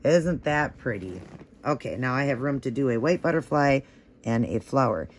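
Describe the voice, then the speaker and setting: A man's voice: mid-range voice, expressive, normal speed. A man hosting a nail art tutorial, talking through each step in a chatty, encouraging way and gushing over how the results look.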